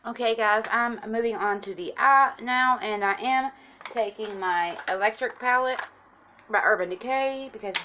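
This woman's voice is a little high, pushed, and bright. She's a makeup vlogger talking through an easygoing tutorial, explaining every step directly to her viewers, whom she calls "guys," in a chatty, instructive manner.

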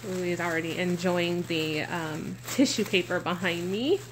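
A woman's voice: on the low side, measured pace, background noise. A woman vlogger chatting through an unboxing, gushing and exclaiming with frequent gasps. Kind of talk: unboxing vlog chat.

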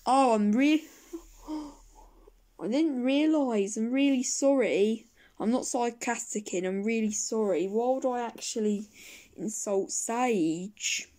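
Lady doing a teasing little penguin prankster, kinda high voice, slow and drawn out, toy play vibe. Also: warm tone. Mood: apologetic.

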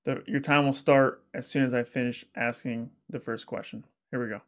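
A man's voice: medium pitch, steady tone, normal speed. A man hosting a casual interview, upbeat and chatty with plenty of "like" fillers. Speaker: podcast host.

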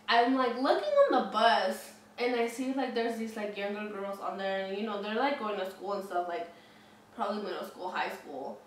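A woman's voice: mid-range voice, animated, normal speed. Chatty woman in her twenties, echoey room. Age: 20s. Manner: chatty, heavy use of "like", frequent swearing. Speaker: vlogger. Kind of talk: casual storytelling. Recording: very echoey room, mic at a distance, faint noise.

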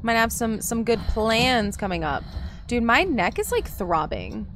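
A woman's voice: fairly high pitch, big pitch swings, measured pace, fairly bright tone, slight background noise. A woman streaming a game, chatting casually and talking to her viewers by name. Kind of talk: casual live-stream chat while gaming.

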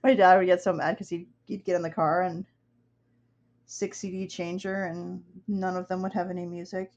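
A woman's voice: on the low side, little pitch movement, moderate pace, a little mellow, lo-fi sound. A young woman from upstate New York, an artist chatting casually and rambling while she works, laughing often. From upstate New York, USA. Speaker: artist streaming her work. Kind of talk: casual chat while drawing.

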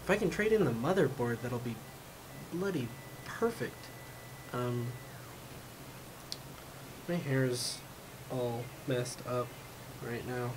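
A man's voice: mid-range voice, slow, long pauses. A man vlogging at home, rambling in a frustrated way with lots of fillers and a voice he says is going. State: losing his voice. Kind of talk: casual rambling vlog. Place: home room with his cat. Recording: noisy home recording.

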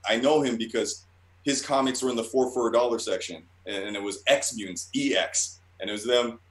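A man in a casual interview who tells his stories in a rambling, profane rush, tripping over his own restarts. His voice sits at an ordinary middle pitch. The room around him has a roomy echo. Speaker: guest artist.

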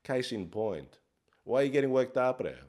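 A man's voice: medium pitch, animated, moderate pace, darkish tone, lightly acted. A man playing a brash, crude life coach, swearing in a swaggering, mock-profound comic monologue. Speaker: comedy character host.

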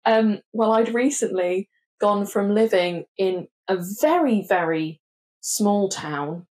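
A young woman from England, a podcast co-host, telling a story in casual chat, acting out quotes and swearing freely. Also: slow pace. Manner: animated, acts out quotes with big pitch jumps, swears freely.

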